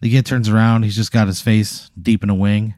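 A man with a lowish voice tells an absurd story in a deadpan, ever-escalating way. The sound is dry and close, with no room to it. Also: a little fast, no room sound. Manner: deadpan, escalating absurd narration with acted-out quotes. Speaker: podcast host. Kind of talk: improvised comedic storytelling.

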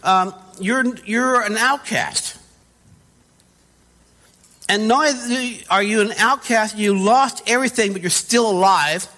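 A man's voice: sits high, slow pace, bright, forceful tone. A man pastor preaching a conversational sermon in a church, correcting himself as he goes and asking the viewers questions. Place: church with spaced-out pews. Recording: church service with long reverb.

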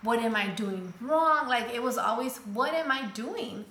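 A woman's voice: on the high side, lively intonation, moderate pace, fairly bright tone, echoey room, slight background noise. A woman telling a personal story in casual talk, mixing English and Spanish and acting out what others said. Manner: switches between English and Spanish mid-sentence; acts out quoted voices, turns emotional.

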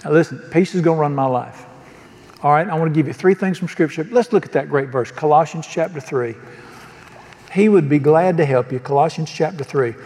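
A man's voice: fairly high pitch, a little fast, a little mellow, in a large hall. A man preaching a sermon as pastor, folksy and joking, often asking the congregation questions. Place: church sanctuary.

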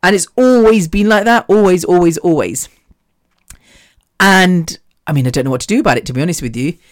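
A woman's voice: fairly low pitch, brisk, no echo, studio quality. Rambling woman podcaster. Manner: rambling, scatterbrained, chatty storytelling. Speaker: podcast host. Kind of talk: solo podcast monologue.

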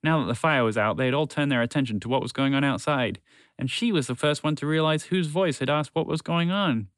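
Male storyteller, children's story, lively, smooth resonant voice, close dry sound. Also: mid-range voice, brisk, no room sound.

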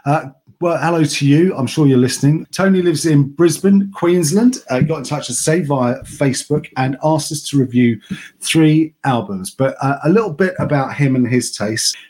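A man's voice: a little high, moderate pace, darkish tone. A man hosting a music podcast, chatting casually and joking with a bit of swearing. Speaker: podcast host.

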